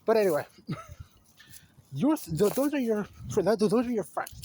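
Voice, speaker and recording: A man with a notably high voice rambles through a casual film rant, restarting sentences and piling on fillers as he gets exasperated. It sounds recorded on a phone camera at home, with a faint noise underneath. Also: animated, takes it slowly, pauses often. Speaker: video essayist.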